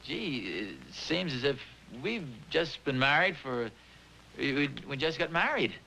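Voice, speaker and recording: A man's voice: fairly high pitch, big pitch swings, a little slow, vocal fry, pushed and bright, slight background noise, heavily acted, poor audio. An actor playing a genial, well-meaning middle-aged father who likes to meddle, talking with hesitant chuckles. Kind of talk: 1950s sitcom acting.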